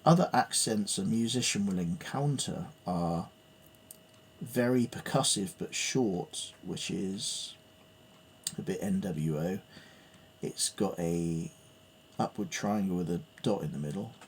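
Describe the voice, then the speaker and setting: Slow gravelly-voiced man. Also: deep voice, slight background noise. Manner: hesitant, reads notes aloud and muses with fillers. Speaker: piano learner. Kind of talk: thinking aloud while studying music theory.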